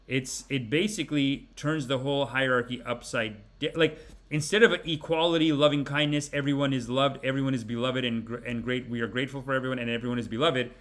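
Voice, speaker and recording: A man in his forties hosting a podcast, giving rambling, animated, mock-preachy comic commentary. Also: mid-range voice. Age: 40s. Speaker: podcast host. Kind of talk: comedic commentary.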